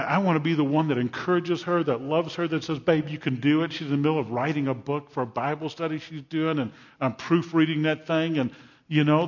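An older man, a pastor, preaching a sermon with emphatic delivery and storytelling asides. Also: fairly high pitch. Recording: dull lo-fi sermon recording.

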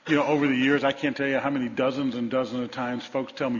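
A male pastor preaching a sermon, telling stories and swinging from loud emphasis to hushed tones. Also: medium pitch, flat delivery, quick pace. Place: large church sanctuary. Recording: dull sound, long hall reverb.

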